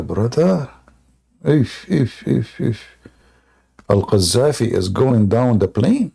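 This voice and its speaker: Gravelly-voiced man, sarcastic debate host. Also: mid-range voice, very animated, slow, pauses often, warm tone. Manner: sarcastic, joking, laughs at his own jokes; non-native English grammar. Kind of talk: mocking live debate monologue.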